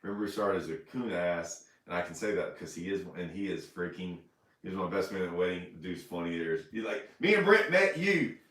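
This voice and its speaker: Male host, low-ish voice, loose rambling livestream talk, roomy distant sound. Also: lively intonation, brisk, a bit bright. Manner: rambling, laughing, repeats himself. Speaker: fishing show host. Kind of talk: casual storytelling on a livestream. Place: indoors, house room. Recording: echoey room, off mic.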